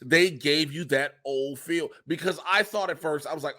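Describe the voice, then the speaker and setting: A man hosting a podcast in casual chat, animated and profane, acting out quotes in funny voices. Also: on the high side, normal speed. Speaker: podcast host.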